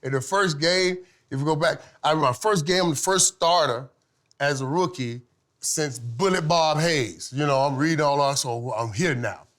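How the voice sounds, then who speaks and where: A middle-aged man, a former football player, telling lively stories as a podcast guest, laughing often and swinging from loud to hushed. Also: fairly high pitch, moderate pace. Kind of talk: animated storytelling in casual chat.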